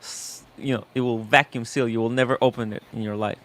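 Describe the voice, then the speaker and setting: A man's voice: medium pitch, steady tone, a little fast, fairly bright tone, no room sound. A man in casual chat, joking and playful.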